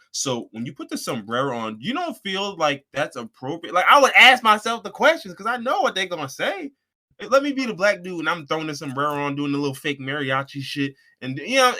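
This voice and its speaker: A young man co-hosting a podcast, talking in a casual, slangy and animated way, often slipping into mimicked voices. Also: fairly high pitch, fairly quick. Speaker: podcast co-host. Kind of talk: casual chat.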